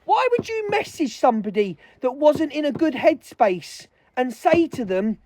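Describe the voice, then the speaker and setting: Angry woman on a live stream, high voice, dry close sound, swearing nonstop. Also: sing-song, moderate pace, mellow, dry recording. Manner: furious, heavy swearing, calling people out. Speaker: livestreamer. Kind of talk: angry livestream rant.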